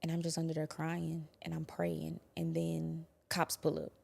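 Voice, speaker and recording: A young adult woman quietly recounting a painful personal experience, halting and sometimes dropping to a whisper. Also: low-pitched, completely flat delivery, creaky. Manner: quiet, halting, drops to a whisper at hard moments. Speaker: guest telling her story. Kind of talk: personal testimony.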